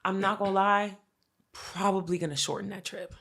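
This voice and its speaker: A woman co-hosting a podcast in casual chat, telling a family story with lively acted-out quotes and plenty of swearing. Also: mid-range voice, moderate pace, gravelly. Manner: animated storytelling, acts out quoted family members, frequent swearing. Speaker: podcast co-host.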